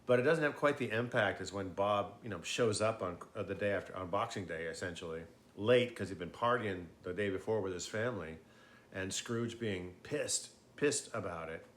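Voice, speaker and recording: A man's voice: sits low, moderate pace, fairly bright tone. A man chatting casually and a bit tipsily, rambling with frequent swearing, fillers and restarts. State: tipsy. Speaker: host.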